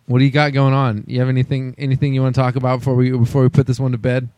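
A man hosts a loose, joking podcast and reads listener mail with playful inflection. His voice sits at a middling pitch. It is recorded dry on a close mic with no room sound. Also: flat delivery, rapid-fire, darkish tone, no room sound, muffled recording. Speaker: podcast host. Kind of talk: casual comedy podcast banter.

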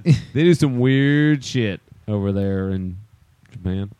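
A man co-hosting a casual comedy podcast, halting through stories with fillers and quick laughs. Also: lowish voice, lively intonation, dark tone, clear, resonant tone, no echo. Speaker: podcast co-host.

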